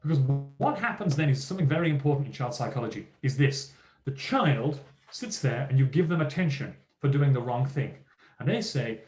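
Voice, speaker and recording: Guy giving a keynote to teachers, super lively up and down voice, acts out the kids, echoey room. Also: medium pitch, normal speed. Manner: lively, emphatic, acts out quoted teachers and children. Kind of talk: motivational keynote talk.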